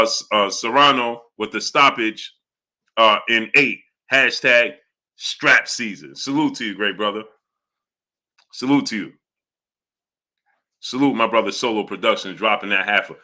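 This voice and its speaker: Bright-voiced man hosting a livestream. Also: mid-range voice. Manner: laughing often while giving shout-outs. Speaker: livestream host. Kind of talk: casual livestream boxing commentary.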